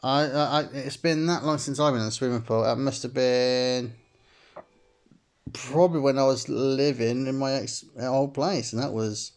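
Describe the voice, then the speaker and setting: Rambling gravelly-voiced man gaming. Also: medium pitch, fairly even intonation, normal speed. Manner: rambling, heavy use of "sort of", laughs often. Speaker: gamer playing a chat story game. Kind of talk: let's-play commentary, reading in-game messages aloud.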